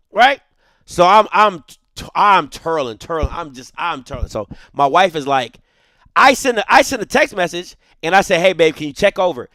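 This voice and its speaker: Guy hosting a show, fired up telling a story, high voice, dry mic. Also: big pitch swings, moderate pace, bright, forceful tone, no room sound. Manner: heated, emphatic retelling with quoted dialogue. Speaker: show host. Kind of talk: animated storytelling on a live show.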